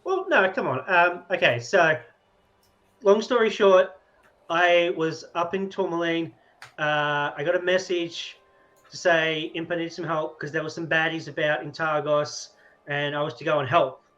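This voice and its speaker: A man with an Australian accent playing a tabletop game over voice chat, rambling and halting as he talks in character. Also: fairly high pitch, a bit bright, highs cut off. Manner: rambling, halting, self-amused. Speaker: tabletop player. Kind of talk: casual in-character role-play. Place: home room over voice chat.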